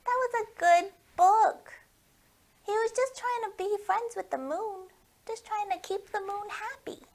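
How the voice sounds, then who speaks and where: A woman's voice: very high voice, unhurried. A woman hosting a library storytime for young children, talking in a playful, coaxing way and asking the kids questions.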